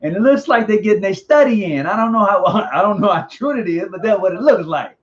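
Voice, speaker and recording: A man hosting a casual live online interview, talking in an animated, slangy way and often repeating himself. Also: high voice, fairly quick. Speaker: host. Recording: dull lo-fi audio.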